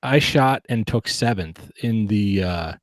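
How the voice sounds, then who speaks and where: A man's voice: lowish voice, animated, takes it slowly, dry recording. Earnest, reflective man, dry sound. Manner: earnest, reflective, many restarts. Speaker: guest, competitive shooter. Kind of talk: casual podcast interview.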